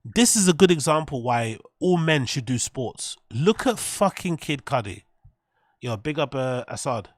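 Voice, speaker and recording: A man's voice: medium pitch, animated, a little slow, dry recording, clean studio sound. A man hosting a livestream, rambling and swearing casually as he talks to his viewers. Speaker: streamer host.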